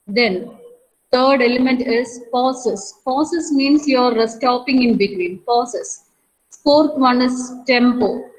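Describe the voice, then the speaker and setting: A woman college lecturer teaching an online class, explaining slowly with frequent fillers and restarts, repeating key points and asking students questions. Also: a little high, poor audio. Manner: asks students questions and praises answers.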